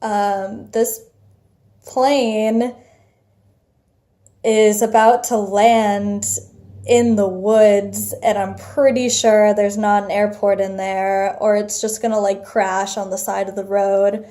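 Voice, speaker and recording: A young woman vlogger telling a personal story casually, animated, full of fillers and swearing. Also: mid-range voice, takes it slowly.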